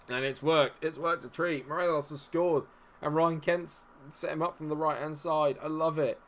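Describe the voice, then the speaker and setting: A young man commentating his own game on stream, muttering tensely and then yelling and swearing. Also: a little high, a little fast, a little hiss or hum. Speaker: gaming streamer.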